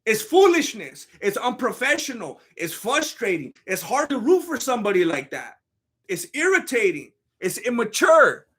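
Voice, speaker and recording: Bright, lively man streaming. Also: extremely high pitch, moderate pace, husky. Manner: animated, jokey, reads chat donations aloud. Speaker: MMA commentary streamer. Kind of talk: casual live-stream commentary.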